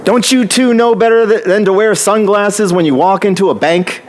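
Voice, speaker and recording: A man's voice: sits high, normal speed, noisy background, pitched above the performer's own voice, natural voice. A man putting on the voice of an angry bank security guard who is scolding two customers.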